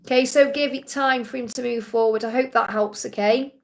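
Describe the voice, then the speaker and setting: High-voiced woman reading cards. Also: fairly even intonation, fairly quick, gravelly. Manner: soothing, chatty, frequent "okay?" check-ins. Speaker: psychic card reader hosting live Q&A. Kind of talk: live-stream tarot reading.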